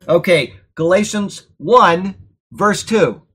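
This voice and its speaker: A man leading a Bible class in a church classroom, talking through scripture verse by verse. His delivery is loose and conversational, with quick asides and frequent checks on his listeners, and it grows animated when he stresses a point. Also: high voice, husky, soft background music. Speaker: Bible teacher. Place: church classroom during a thunderstorm.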